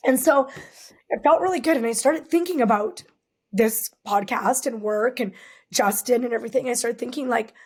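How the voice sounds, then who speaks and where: A woman's voice: fairly high pitch, moderate pace, slightly rough. A woman in her forties from Canada, a podcast guest speaking candidly and rambling, with lots of "like.". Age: 40s. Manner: candid, rambling, leans on filler "like". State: tearful at times.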